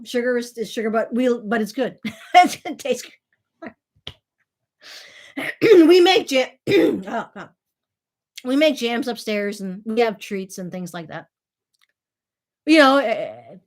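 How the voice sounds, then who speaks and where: A woman, talking casually to her viewers in a rambling, chatty way with lots of fillers, acting out the voices of people she quotes. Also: fairly high pitch. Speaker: channel host.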